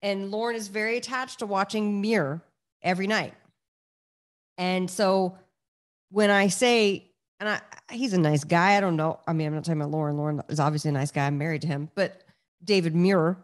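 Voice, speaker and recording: A woman's voice: on the low side, normal speed. Playful woman co-hosting a podcast. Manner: playful, laughing banter. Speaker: podcast co-host. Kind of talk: casual chat.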